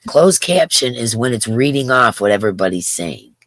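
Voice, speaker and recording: A woman in her fifties hosts a craft livestream, her very deep voice animated and fairly bright in tone, moving at a normal speed with no room sound. She chats in a wandering way and reads her viewers' comments out loud, all about crochet.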